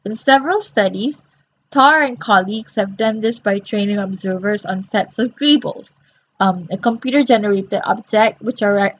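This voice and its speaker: A woman's voice: medium pitch, a little hiss or hum. Sleepy young woman rambling through study notes. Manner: rambling, with many fillers and restarts. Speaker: student reviewing course notes. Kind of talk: reading and explaining study notes aloud. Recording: slightly dull lo-fi audio.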